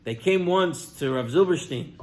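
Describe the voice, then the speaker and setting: A man with a fairly high voice preaches a sermon as an animated storyteller. He turns to his listeners and speaks to them directly. His delivery swings from loud outbursts down to near-whispers. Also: moderate pace. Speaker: rabbi.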